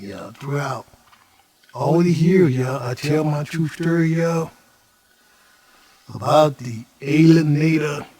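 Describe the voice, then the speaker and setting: Slow, husky man telling his story. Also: medium pitch, darkish tone. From Houston, Texas. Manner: slow preaching cadence, repeats "y'all" constantly. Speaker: storyteller host. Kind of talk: personal storytelling monologue.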